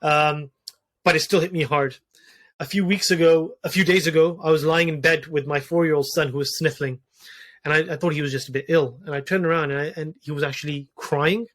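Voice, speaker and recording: A man's voice: on the high side, fairly even intonation, a little fast, fairly bright tone. A man in his thirties talking earnestly about personal grief in a conversation, often restarting and repeating words. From Wales. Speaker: podcast guest, doctor.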